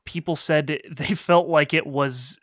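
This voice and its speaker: A man with a fairly high, bright voice chats about games in quick bursts. He uses lots of fillers and restarts. The recording is dry and close. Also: fairly even intonation, no echo. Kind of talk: casual chat.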